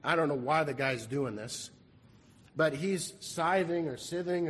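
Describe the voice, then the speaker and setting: A high-voiced man delivers an earnest sermon from the pulpit. He circles back to his key phrases again and again. His voice carries a long reverb through a large church sanctuary. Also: animated, a little slow, bright, forceful tone, husky. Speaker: pastor.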